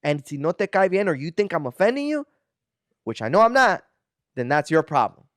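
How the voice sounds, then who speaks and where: Animated man on a podcast, fairly high voice. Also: a little fast, no room sound, studio quality. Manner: animated, defensive, mixes in Spanish words. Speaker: podcast co-host. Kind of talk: casual chat. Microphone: podcast studio mic.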